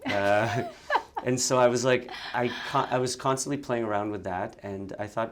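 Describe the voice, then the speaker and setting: A man guest telling stories in a casual interview, lively, with quick bursts and frequent restarts. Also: medium pitch. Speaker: actor and content creator, guest.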